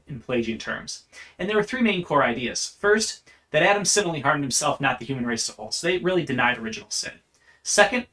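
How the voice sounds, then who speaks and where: A man's voice: on the high side, a bit bright. A man teaching church history in an unscripted lecture, earnest and explanatory, often restarting his phrases.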